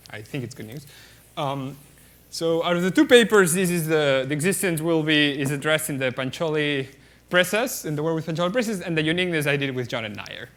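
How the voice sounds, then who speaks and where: A man's voice: fairly high pitch, expressive, fairly quick, fairly bright tone. A man giving a mathematics lecture at a conference, explaining step by step with many fillers and often checking the audience with "okay?".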